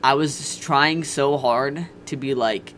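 A man's voice: mid-range voice, slow pace, a bit bright, slight background noise. A young man casually telling a candid, profane personal story on a podcast. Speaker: podcast guest.

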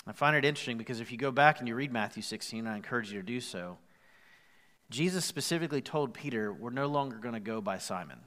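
A male pastor preaching a sermon with growing passion, rising louder and higher as he drives his points home. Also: animated, quick pace. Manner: impassioned, rising in pitch and volume as he presses his point. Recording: long hall reverb.

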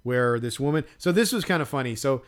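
A man's voice: medium pitch, expressive, fairly quick. A man co-hosting a podcast, telling a story casually, laughing as he talks and imitating others. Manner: chatty storyteller, laughs while talking, mimics others. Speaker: podcast co-host. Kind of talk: casual chat.

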